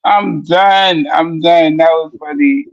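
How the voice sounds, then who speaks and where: Slow-talking woman in dull dry audio. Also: deep voice, dry recording. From New York. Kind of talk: casual podcast chat.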